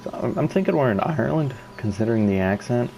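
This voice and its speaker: A man's voice: medium pitch, expressive, quick pace, gravelly, a little mellow, a little hiss or hum, rough recording. A man giving casual, joking let's-play commentary. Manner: joking, rambling. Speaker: gaming YouTuber.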